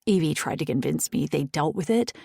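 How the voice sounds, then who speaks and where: A woman's voice: low voice, animated, fairly quick, vocal fry, slightly rough, no echo, studio quality, exaggerated voice. Woman reading Savannah, guarded and secretive. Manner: evasive, quiet.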